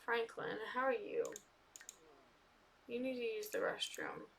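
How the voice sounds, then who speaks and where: A young woman casually commenting on a life-sim game, chatting to the characters and getting loudly indignant at times. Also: on the high side, huge pitch swings, a little slow, gravelly, slight background noise. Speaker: gaming video creator.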